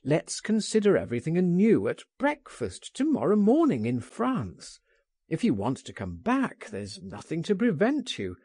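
A man reading an audiobook, voicing an eager gentleman who insists and coaxes his friend. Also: a little high, moderate pace, slightly rough, no echo, clean studio sound, pitched above the performer's own voice, exaggerated voice. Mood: insistent. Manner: insistent, coaxing, lively. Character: eager, persuasive gentleman urging a friend to flee.

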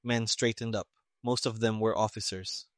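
A man narrating a mystery story in an even, measured reading. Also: on the low side, dry recording, studio quality. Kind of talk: audiobook narration of a pulp mystery.

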